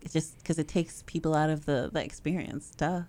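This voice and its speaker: A woman's voice: sits low, fairly quick, warm tone. A woman in casual chat, bluntly giving opinions and laughing often.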